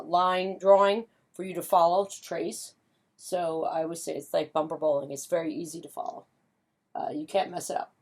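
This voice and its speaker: Speaking at a medium pitch with a touch of mellowness, this pet portrait artist and painting teacher walks through a relaxed watercolor demo. She's chatty and cheerful, fills gaps with filler words, and hums small doo-doo melodies along the way.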